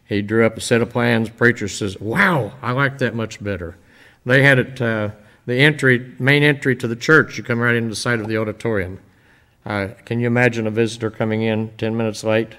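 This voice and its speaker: An older man speaking informally to a church congregation, telling stories in a folksy, rambling way with many pauses. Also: medium pitch, fairly even intonation, fairly bright tone. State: emotional, voice dropping. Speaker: visiting church-building minister.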